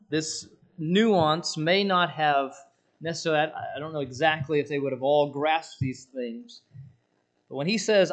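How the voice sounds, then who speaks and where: A man preaching a sermon, slowing down to quote scripture and swinging from loud emphatic lines to hushed ones. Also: fairly high pitch.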